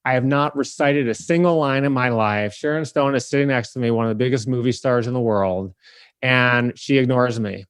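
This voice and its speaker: A man from the Detroit area hosting a podcast and telling a lively story, acting out the people in it. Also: mid-range voice, normal speed, clear, resonant tone, no echo. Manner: animated, acts out the people in his story. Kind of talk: casual storytelling.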